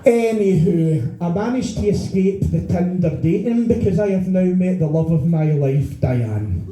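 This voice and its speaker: Ranting middle-aged Scottish stand-up comic. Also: male voice, high-pitched, animated, unhurried, a crowd in the background. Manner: profane ranting, exasperated rhetorical questions. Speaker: stand-up comedian. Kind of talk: stand-up comedy set. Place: small bar venue stage. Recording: echoey bar room.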